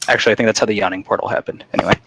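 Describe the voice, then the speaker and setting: A man's voice: on the low side, steady tone, rapid-fire, vocal fry, fairly bright tone, slightly rough, dry recording. A man running a live-streamed tabletop game, recapping the last session in a casual, joking way with frequent restarts. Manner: casual, joking, self-interrupting. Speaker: dungeon master.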